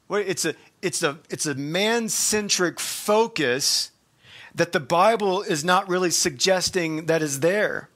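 A man preaching a sermon as pastor, talking conversationally with emphatic quotes from scripture and quick asides. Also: high voice, fairly bright tone. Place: church.

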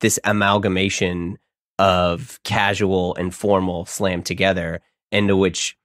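A male podcast host with a low voice chats casually and riffs loosely between questions. The sound is dry and close to the mic. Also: flat delivery, a little slow, a bit bright, no room sound. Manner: chatty, easygoing, riffing. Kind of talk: podcast interview.

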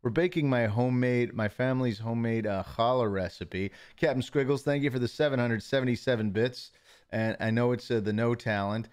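A man's voice: mid-range voice, brisk, a little mellow, clean tone. A male streamer in his home office, reading out chat messages and thanking viewers in a casual, stammering, self-mocking way.

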